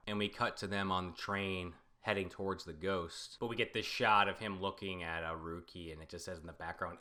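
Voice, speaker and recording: A man casually recapping and reacting to a comic, animated, laughing often and swearing. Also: sits low, a little fast, hardly any pauses. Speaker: reaction video host.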